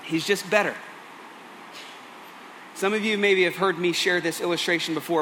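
A man's voice: high voice, bright, forceful tone, a little hiss or hum. A male pastor preaching a sermon, earnest and pleading as he tells a story.

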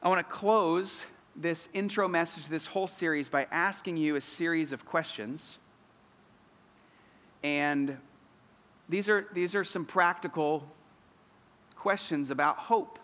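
A man in his thirties delivering an earnest sermon, his voice pitched high for a man. He builds steadily toward emphatic, declarative lines. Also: a little slow, long pauses, fairly bright tone, big-room sound. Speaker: pastor.

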